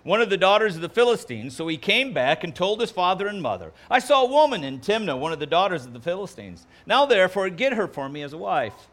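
A man preaching a sermon, delivering jokes in an animated, playful way before reading scripture. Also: high voice, fast talker, few pauses. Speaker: pastor.

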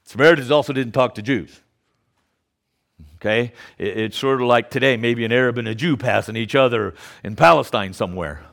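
A man's voice: mid-range voice, fairly quick, vocal fry, a bit bright. Guy giving a chatty sermon, keeps asking okay?, stumbles and repeats words. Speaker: preacher. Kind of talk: conversational sermon.

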